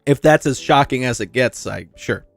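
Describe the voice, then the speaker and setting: A man's voice: mid-range voice, normal speed, vocal fry, dry recording. A man with a nasal voice and a slight lisp, chatting casually and rambling to his viewers while streaming a game. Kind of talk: casual live-stream chat while gaming. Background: faint background music.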